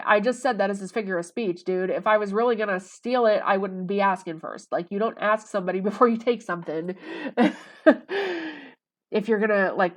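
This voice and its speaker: Chatty woman vlogging in a mid-pitched voice. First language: English. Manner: rambling and conversational, with many fillers. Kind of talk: casual monologue to camera.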